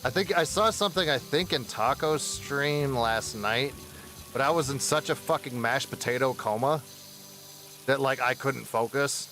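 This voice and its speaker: Man, game streamer, casual chat, rambling, swears a lot, mid-pitched, faint music behind. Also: normal speed, pushed and bright. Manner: rambling, profane storytelling with bursts of laughter.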